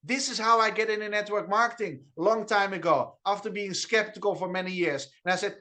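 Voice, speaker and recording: A man's voice: high voice, a little fast, hardly any pauses, pushed and bright. A man with a Dutch accent, whose first language is Dutch, giving an enthusiastic network marketing training on a video call, repeating key phrases and stumbling over restarts. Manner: enthusiastic, repetitive, with restarts and stutters. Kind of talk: energetic online training talk.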